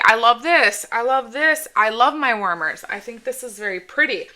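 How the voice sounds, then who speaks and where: A woman's voice: mid-range voice, bright, forceful tone. A middle-aged woman chatting casually at home in a rambling, self-interrupting way as she reviews products for her channel. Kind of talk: casual haul vlog chat.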